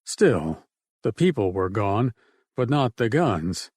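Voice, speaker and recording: A man reading an audiobook in a steady, measured narration. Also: fairly low pitch, husky, no room sound, studio quality. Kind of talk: scripted narration.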